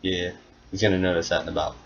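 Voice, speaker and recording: Low-voiced man running a tabletop game. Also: level tone, fast, vocal fry, a bit bright. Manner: casual, swearing, laughs at his own story. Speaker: game master. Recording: dull lo-fi sound with noise.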